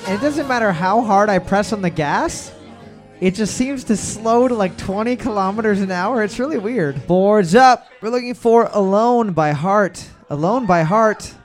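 A high-pitched man runs a pub-style trivia round, barking out calls and tossing in jokes. Faint music plays underneath his voice. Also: normal speed. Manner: loud repeated calls of "boards up", joking asides. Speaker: trivia host. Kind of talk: casual podcast banter, running a music round.

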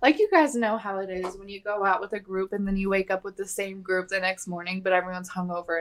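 A woman's voice: medium pitch, fairly even intonation, fast. A woman co-hosting a podcast, recapping a reality show in chatty, casual talk full of "like". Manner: chatty, lots of "like", acts out quotes. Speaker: podcast co-host.

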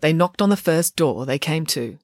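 A woman narrating a children's audiobook in a measured, wry way. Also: low-pitched, expressive, a little mellow, no echo, studio quality.

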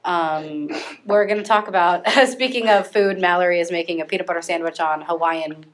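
A woman's voice: lowish voice, moderate pace. A young woman hosting a casual group podcast, explaining in a rambling way with lots of fillers. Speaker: podcast host.

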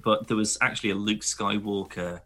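A man co-hosting a podcast, chatting casually and telling animated stories with the odd swear word. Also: on the low side, fairly quick, faint music behind. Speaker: podcast co-host. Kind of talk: casual chat.

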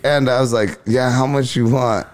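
A man's voice: mid-range voice, steady tone, moderate pace. A man from Riverside, California, telling a road story in casual chat, laid-back and swearing freely while acting out other people's lines. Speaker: comedian guest.

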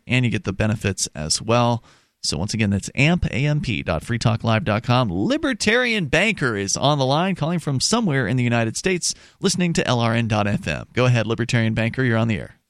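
A man's voice: mid-range voice, big pitch swings, brisk, no echo, studio quality. A man hosting a call-in talk radio show, reading promos and phone numbers and bringing callers on air.

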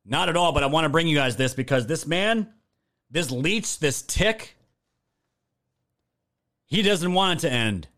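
Profane, ranting man with a higher voice. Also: animated, unhurried, pauses often, fairly bright tone. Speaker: political commentator. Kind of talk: ranting video commentary.

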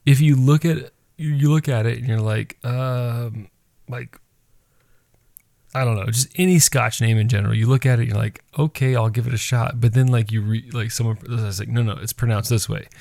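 Casual podcast co-host, male, gravelly rasp, rambling and giggly, dry close sound. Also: medium pitch, steady tone, moderate pace, warm tone, no room sound. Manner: rambling, giggly, lots of fillers. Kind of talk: casual chat.

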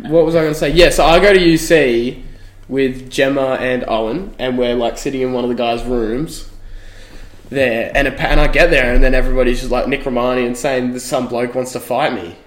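A man's voice: medium pitch, fairly even intonation, a little fast. A young man telling a long story on a casual podcast, laughing often. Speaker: podcast co-host. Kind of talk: casual chat. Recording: echoey room.

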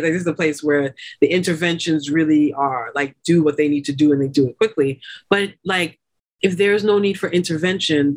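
Animated woman telling a birth story. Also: lowish voice. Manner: animated, many fillers like "like" and "you know", laughs often. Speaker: doula and lactation consultant guest. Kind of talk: podcast interview storytelling.

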